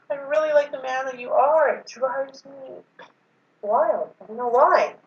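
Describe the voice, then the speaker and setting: A woman's voice: high-pitched, a little slow. A young woman in casual chat with her ex, nervous and rambling, often trailing off. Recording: distant roomy muffled mic with faint hiss.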